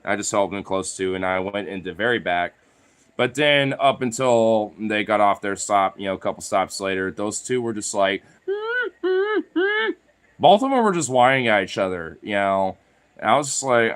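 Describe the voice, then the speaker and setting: A man's voice: on the low side, very animated, moderate pace, a bit bright. A man vlogging in a rambling, filler-heavy casual chat, now and then talking to his dogs.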